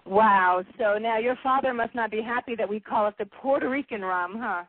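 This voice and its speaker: A woman hosting a boxing radio show, effusive and quick to laugh. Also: on the high side, no echo. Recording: tinny phone-like line, dry.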